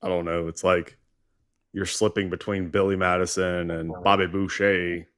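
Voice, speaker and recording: A man's voice: low voice, level tone, normal speed, fairly bright tone, smooth. An American man co-hosting a call-in show, wry and picky about how the caller sounds. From United States. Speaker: co-host. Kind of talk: casual call-in chat.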